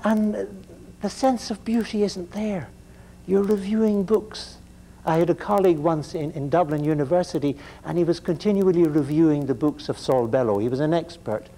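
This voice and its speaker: A man's voice: fairly high pitch, mellow. A man giving a classroom lecture in a digressive, joking, conversational way.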